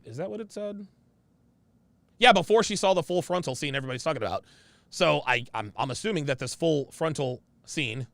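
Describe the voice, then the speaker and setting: A high-pitched man with a gravelly edge talks through a casual livestream and reads viewer comments aloud. His delivery is blunt and full of slang, and he often says the same phrase twice for emphasis. The sound is dry and close. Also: fairly bright tone, no room sound.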